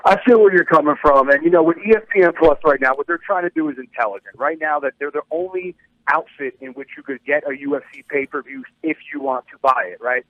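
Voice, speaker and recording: A man co-hosts a radio talk show with easygoing, wry commentary. His voice sits fairly high and sounds dry and close to the mic. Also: fast, dry recording, lo-fi sound.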